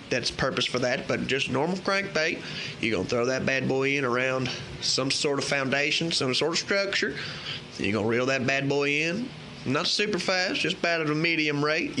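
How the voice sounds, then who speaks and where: A man's voice: fairly high pitch, a little hiss or hum. A man hamming up a folksy country fishing guide. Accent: put-on Southern US country. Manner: folksy, animated, hammy.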